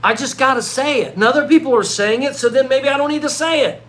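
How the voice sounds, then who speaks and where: Talking fast in a very high voice, a middle-aged vlogger delivers an animated rant. His monologue is full of restarts and repeated words.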